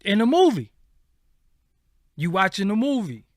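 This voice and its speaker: Profane, animated man ranting on stream. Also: high-pitched, unhurried, no room sound, clean studio sound. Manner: animated, profane, streetwise slang. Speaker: livestream host. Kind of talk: casual livestream rant.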